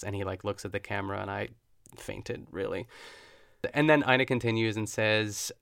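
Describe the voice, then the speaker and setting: A man's voice: fairly low pitch, a little fast, vocal fry, fairly bright tone, no room sound, studio quality. A man hosting his own podcast, chatting casually and gushing with self-deprecating asides. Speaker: podcast host. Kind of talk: casual solo podcast recap.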